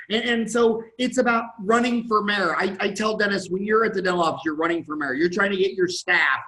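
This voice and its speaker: A dentist in his fifties, a guest in a podcast conversation, telling blunt, animated stories and acting out what other people say. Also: sits high, brisk, hardly any pauses, low-quality recording.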